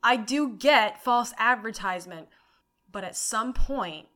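A young woman hosting her own podcast, telling stories in an animated way, swearing freely and saying "like" often. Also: a little high, measured pace. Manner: animated, swearing storyteller with frequent "like". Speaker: podcast host. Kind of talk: casual solo podcast monologue.

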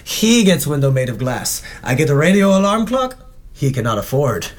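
A man's voice: a little high, big pitch swings, normal speed. A man voicing a naive, cheerful foreign reporter in broken English with a heavy put-on accent, chanting nonsense in a sing-song. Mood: goofy.

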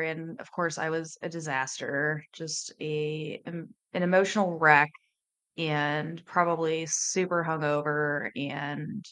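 Slow, low-voiced woman telling her story. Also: fairly bright tone. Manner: candid, emotional, halting confessional telling. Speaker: life coach and podcast host. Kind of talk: personal story podcast.

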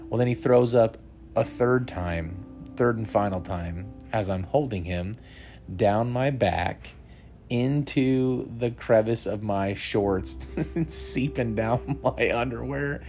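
A man's voice: medium pitch, slow, a little mellow, soft background music. A young man hosting a podcast, telling a personal story earnestly and laughing now and then. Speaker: podcast host.

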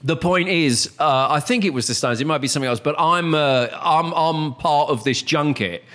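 A British man with a somewhat high voice tells a long story in a relaxed, rambling way. He restarts his sentences often and laughs along as he talks. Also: normal speed. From Britain. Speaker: podcast co-host. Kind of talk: casual chat.

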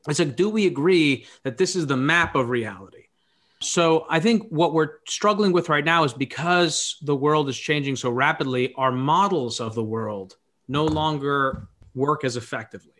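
A man's voice: a little high, normal speed, fairly bright tone. Man musing philosophically aloud. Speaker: podcast creator as guest. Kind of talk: reflective conversational talk.

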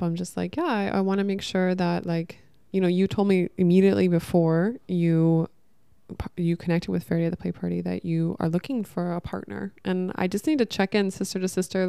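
A woman's voice: fairly low pitch, gravelly, mellow, smooth, no echo, studio quality. A young woman telling a personal story to camera, emotional and rambling, full of restarts and quoted dialogue, recorded at home. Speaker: vlogger.

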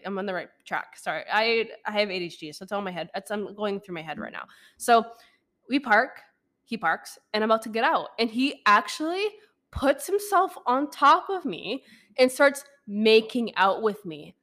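Rambling young woman telling a story. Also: a little high. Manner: rambling, animated, swearing, laughing often. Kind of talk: casual storytime vlog.

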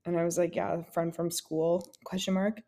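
A woman's voice: lowish voice, flat delivery, moderate pace, gravelly, dark tone. A woman co-hosting a podcast, telling stories in casual chat with lots of "like" and acting out quoted lines. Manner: storytelling with lots of "like" and laughter; acts out quoted lines in dialogue. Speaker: podcast co-host.

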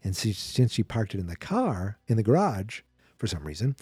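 A man's voice: lowish voice, big pitch swings, normal speed, dark tone, husky, no room sound, studio quality. A man hosting a podcast, casually recapping a horror movie in a chatty, sarcastic way and acting out the characters' lines. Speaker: podcast host.

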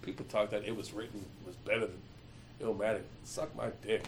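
A man's voice: fairly low pitch, a little fast, slight background noise. A man from Michigan telling stories in a casual chat, swearing a lot and acting out what people said. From Michigan, USA. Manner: animated storyteller, heavy swearing, acts out quotes.

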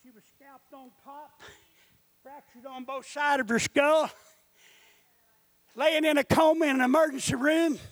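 A man preaching a sermon, telling his own story and rising into impassioned shouting. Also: very high voice, steady tone, a little slow, pauses often.

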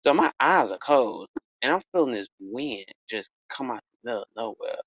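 A man tells a story on his casual podcast. He swears a lot, and his pitch swings widely as he breaks into sudden loud exclamations. The recording sounds dull and lo-fi. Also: lively intonation, normal speed, breathy edge, no room sound. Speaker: podcast host.

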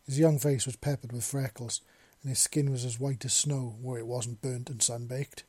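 A man narrating a story in a steady storytelling manner. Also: mid-range voice, moderate pace, few pauses, breathy edge, no echo. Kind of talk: audiobook narration of fan fiction.

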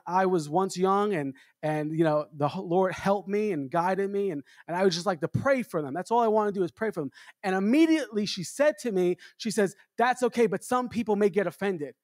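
A traveling minister preaching to a congregation in a chatty, storytelling way, often adding "amen" and restarting phrases. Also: male voice, high-pitched, a little fast, a little mellow, no room sound, studio quality. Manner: conversational preaching with repeated amens. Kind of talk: sermon.

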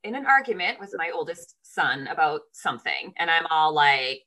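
A woman co-hosting a podcast, an animated storyteller who swears casually in relaxed chat. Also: a little fast, hardly any pauses, low-quality recording. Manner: animated storyteller, voice jumps high when reliving moments. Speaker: podcast co-host.

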